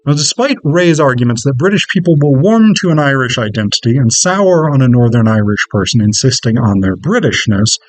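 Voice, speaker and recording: A man presenting a conference paper with a measured, scripted delivery. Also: mid-range voice, sing-song, no echo, low-quality recording. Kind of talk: reading an academic paper.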